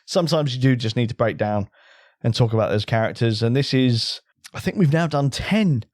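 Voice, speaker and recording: A man's voice: mid-range voice, normal speed, no room sound, clean studio sound. A man hosting a board game podcast, chatting casually, joking and laughing often. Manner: jokey, laughs often, lively ups and downs. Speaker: podcast host. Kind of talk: casual chat.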